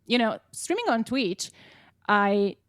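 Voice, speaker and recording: A woman's voice: fairly high pitch, big pitch swings, slow pace, fairly bright tone, no echo, studio quality. A woman in her twenties with an Italian accent, a singer-songwriter chatting as a guest in an interview. She is easygoing, laughs often and talks with many fillers. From Italy. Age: 20s. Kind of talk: casual interview chat.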